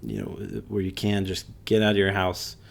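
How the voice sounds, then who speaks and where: A man co-hosting a casual podcast, talking in halting restarts with many fillers. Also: deep voice, level tone, gravelly. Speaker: podcast co-host. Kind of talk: casual chat.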